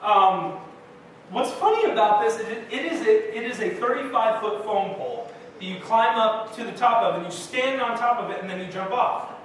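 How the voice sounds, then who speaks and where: In a high, fairly bright voice at an ordinary pace, a young pastor gives a sermon filled with casual stories poking fun at himself. The church sanctuary's echo is strong in the distant recording, along with a faint layer of noise.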